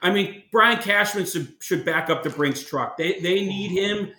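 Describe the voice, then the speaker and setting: A man's voice: sits high, a little slow, sharp tone, roomy sound. A male baseball reporter giving confident, emphatic analysis as a remote guest.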